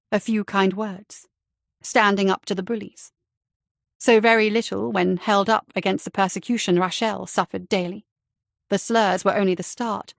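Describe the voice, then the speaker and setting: A woman narrating a novel in a steady, even storytelling voice, recorded close on a studio mic. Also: medium pitch, gravelly, no room sound. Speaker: audiobook narrator. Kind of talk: scripted narration.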